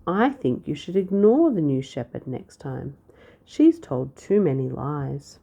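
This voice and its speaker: A woman's voice: low-pitched, sing-song, a little slow, gravelly, mellow, husky, heavily acted. A woman voicing a grumpy boy prince in a read-aloud storybook, complaining in a whiny way. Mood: pleased. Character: grumpy boy prince who misses sheep.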